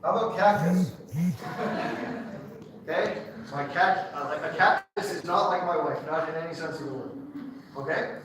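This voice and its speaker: A man with a slightly high voice lectures a university class at a moderate pace, chatty and enthusiastic, checking in with students. He's recorded from a distance in a large, very echoey lecture hall, and the audio is very noisy.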